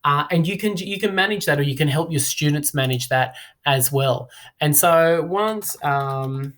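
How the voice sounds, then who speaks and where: A man, a teacher talking through a screen-recorded software tutorial in a relaxed, chatty way with many fillers. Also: a little high, a little slow. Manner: relaxed, chatty, frequent "uh" and "now".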